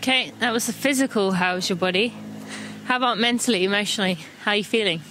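A woman's voice: mid-range voice, fast, pushed and bright, a little hiss or hum, poor audio. Chatty English woman guiding a run. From England. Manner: chatty and encouraging, gives stride countdowns. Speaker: running podcast host. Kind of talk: casual audio running guide. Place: walking outdoors.

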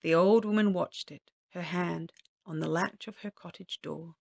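A woman telling a children's story aloud in a gentle, lilting, expressive way. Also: fairly low pitch, normal speed, gravelly, no echo, dull audio.

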